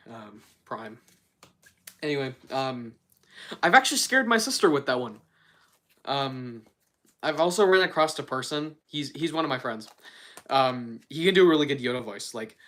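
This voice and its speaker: A young woman hosting a livestream, talking in a loose, rambling way with stumbles and giggles. Her voice sits unusually low but swings widely in pitch. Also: a bit bright, slight background noise. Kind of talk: casual chat.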